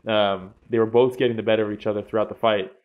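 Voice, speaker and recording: A young man co-hosting a fight podcast, talking excitedly, laughing often and swearing freely. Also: lowish voice, quick pace, phone-quality sound. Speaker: podcast co-host. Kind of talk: casual chat.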